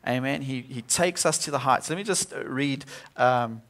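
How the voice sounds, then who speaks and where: A man's voice: medium pitch, normal speed, a bit bright. A man preaching a sermon at a church service, earnest and often repeating himself as he restarts.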